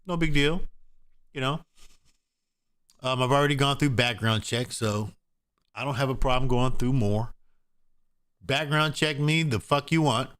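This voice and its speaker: A man's voice: mid-range voice, unhurried, pauses often, a bit bright, clear, resonant tone. A man from Oregon giving a casual vlog rant in a blunt, profane, repetitive way. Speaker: gun owner vlogger.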